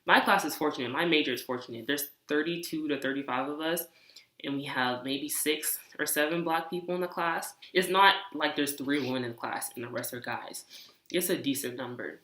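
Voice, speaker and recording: A young woman studying engineering, telling animated, exasperated stories in a casual vlog. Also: low voice, brisk, roomy sound. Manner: animated, exasperated, talks with hands. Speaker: engineering student vlogger.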